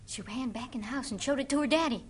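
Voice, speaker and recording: A woman's voice: sits high, fast talker, slightly rough. A woman telling a folk tale dramatically, dropping to whispers for suspense. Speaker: storyteller.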